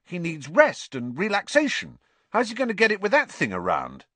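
Guy doing a higher, jumpy teen wizard kid, defensive and sarcastic, pitch swinging all over. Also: moderate pace, no echo, heavily acted. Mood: indignant. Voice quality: excitable and defensive. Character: worried teenage wizard boy, blunt and sarcastic.

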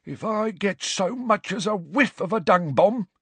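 A man's voice: high-pitched, lively intonation, measured pace, fairly bright tone, slightly rough, no echo, voice pushed up, full character voice. A man doing a wheezing, hissing old caretaker. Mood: angry. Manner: hissing, furious, self-satisfied. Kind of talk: audiobook character voice.

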